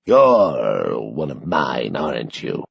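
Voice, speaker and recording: A frail old man with a raspy voice, talking slowly and sounding resigned and sad, as put on by a male narrator. His voice sits well below the narrator's own, deep and drawn-out, and it has a husky edge. The recording is dull and lo-fi. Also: wildly swooping pitch, no room sound, heavily acted. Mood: dismissive. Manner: slow, weary, deep-voiced.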